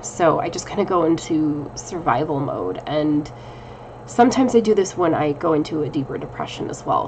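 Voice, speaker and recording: A woman's voice: deep voice, a little hiss or hum, low-quality recording. A woman in her thirties, casually talking to her viewers in a rambling, self-deprecating personal check-in, recorded at home on a camera mic. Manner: chatty, rambling, laughs often, self-deprecating. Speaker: witchcraft vlogger.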